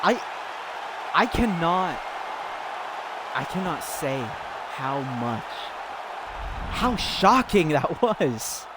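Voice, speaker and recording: Slow-talking, giggly male game commentator. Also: fairly high pitch, background noise. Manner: excitable, giggly, rambling. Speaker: streamer commentating a fighting game. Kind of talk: casual play-by-play commentary.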